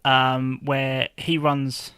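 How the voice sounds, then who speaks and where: A man in casual podcast chat as a guest, talking in a relaxed, offhand way. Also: medium pitch, extremely slow, clean tone, dry recording, clean studio sound.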